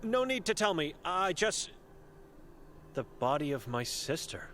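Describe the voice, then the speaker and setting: A man's voice: fairly high pitch, sing-song, unhurried, a bit bright, a little hiss or hum. A man playing an earnest young monk searching for his sister in a video game, asking polite, concerned questions. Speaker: player character. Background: game music.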